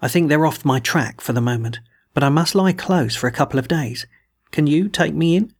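A man doing a bold fugitive adventurer, gravelly. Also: a little high, moderate pace. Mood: urgent. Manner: bold and persuasive. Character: adventurous male fugitive hero spinning a tale.

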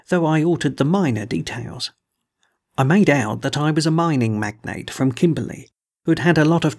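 A man narrating a novel in an audiobook with a measured storytelling delivery. His voice is gravelly, with a husky edge, at a middle pitch.

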